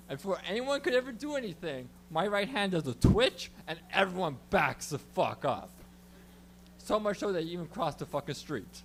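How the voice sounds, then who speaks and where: A man performing a stand-up comedy set, telling an animated story with shouted sound effects. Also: sits high, brisk, slight background noise.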